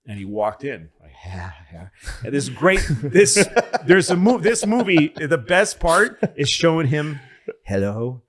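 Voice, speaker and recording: With a voice on the high side, this podcast co-host keeps a measured pace with hardly any pauses as he spins stories in a loose chat. He swears freely and animatedly acts out the voices of the characters in his stories.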